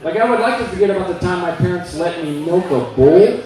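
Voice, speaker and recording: Male stand-up comic, high voice, deadpan, plays out dialogues; mic at a distance in a busy room. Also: fast. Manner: deadpan storytelling, acting out both sides of dialogues. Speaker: stand-up comedian. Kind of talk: stand-up comedy set. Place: club stage with audience. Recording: echoey room, from far off, audience.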